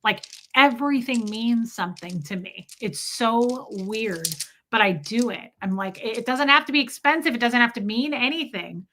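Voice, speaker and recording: A woman's voice: fairly high pitch, lively intonation, normal speed, fairly bright tone, a little hiss or hum. A middle-aged woman chatting candidly on a livestream, telling stories animatedly and acting out quotes. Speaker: live streamer. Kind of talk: casual livestream chat.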